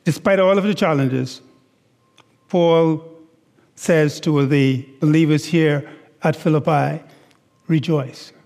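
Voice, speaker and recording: A man preaching a sermon, slow and deliberate, stressing words and asking the congregation rhetorical questions. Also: fairly high pitch, gravelly, a little mellow. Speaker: pastor. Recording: long hall reverb.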